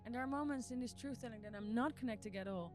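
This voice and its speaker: A woman's voice: a little high, fast, over music. A woman who is not a native English speaker, hosting a podcast and talking in an earnest, emotional spiritual monologue with repeated phrases. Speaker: podcast host.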